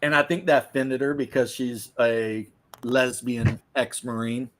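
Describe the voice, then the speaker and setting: A man's voice: mid-range voice, little pitch movement, unhurried. A man from the American South hosting a casual podcast chat, telling rambling, profane, joking stories. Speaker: podcast host.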